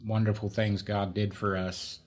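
A man in middle age recounts a personal story as a guest, his voice sitting somewhat low. He talks in an animated, self-mocking way. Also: normal speed. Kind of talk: conversational storytelling.

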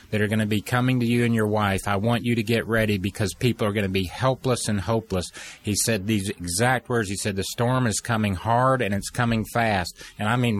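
A middle-aged man telling an earnest personal story, with halting restarts and pauses. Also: lowish voice. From United States. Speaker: speaker telling a personal testimony.

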